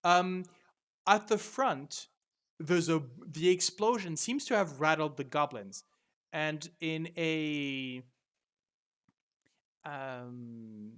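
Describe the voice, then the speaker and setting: A man narrating as game master, halting with many fillers and restarts. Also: on the high side, fairly bright tone, smooth.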